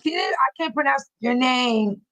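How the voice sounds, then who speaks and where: Hosting a relaxed livestream, an older American woman from the Chicago area, with a local accent, laughs frequently while reading out viewer comments. She speaks at normal speed in a high, expressive, slightly bright voice, on a dry recording of poor quality.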